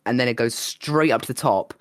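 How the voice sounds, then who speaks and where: A slightly hoarse man co-hosting a podcast, telling rambling, excitable stories in casual chat. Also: medium pitch, fairly quick, no echo, clean studio sound. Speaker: podcast co-host.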